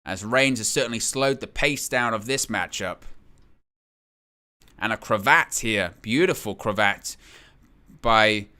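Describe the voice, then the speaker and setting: A man hosting a wrestling watch-along, giving excitable live play-by-play and reading out viewer comments. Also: on the low side, a little slow, long pauses, clean tone. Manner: excitable, exclaims at big hits, reads chat aloud.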